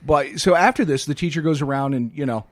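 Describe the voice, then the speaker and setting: A middle-aged man telling loose, rambling stories in casual conversation, slipping into little voices for the characters. His voice sits slightly high. The sound is close and dry, with no room around it. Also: quick pace, dry recording. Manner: rambling storyteller, acts out voices. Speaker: podcast co-host. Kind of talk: casual chat.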